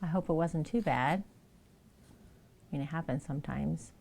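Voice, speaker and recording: A woman with a low-pitched, gravelly, darkish voice live-streams from home at a measured pace, chatting casually. She laughs easily and coaxes her dogs in a raised, playful voice.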